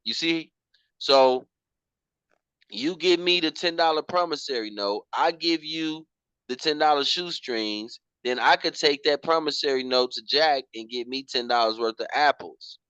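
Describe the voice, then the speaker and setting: A man's voice: fairly high pitch, a little slow, bright, forceful tone, clear, resonant tone, dry recording, poor audio. A man teaching finances in casual slang, often repeating himself and calling his listener "bro". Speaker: program instructor.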